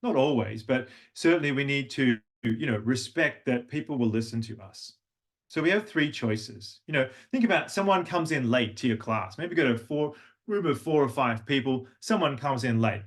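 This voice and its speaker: A man leads an online voice workshop, speaking at an ordinary middle pitch. He explains breath and tone in a chatty way, often restarting his sentences. The sound is a plain video call mic. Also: expressive, normal speed. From Australia. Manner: demonstrates humming and vocal tones, chatty with restarts. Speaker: voice and language coach. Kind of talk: online workshop lecture with vocal demonstrations.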